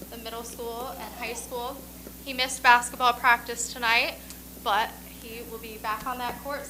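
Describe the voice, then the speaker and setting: A woman's voice: fairly high pitch, noisy background. A woman school staff member honoring a student, reading quotes from colleagues and speaking to him in a proud, encouraging way. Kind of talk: ceremony speech reading staff tributes.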